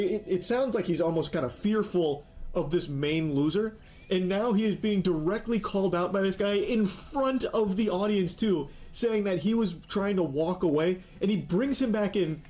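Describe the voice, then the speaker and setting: A man's voice: high-pitched, a little mellow. A man commentating on a stream clip in a sarcastic, mocking, incredulous way. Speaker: reaction commentator.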